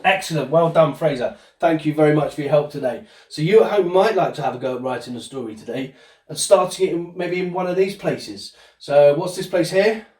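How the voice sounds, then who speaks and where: Recorded from a distance in a roomy space, a male presenter leads a child through a home-school lesson, coaxing answers with cheerful questions. He speaks briskly in a slightly high, a little mellow voice.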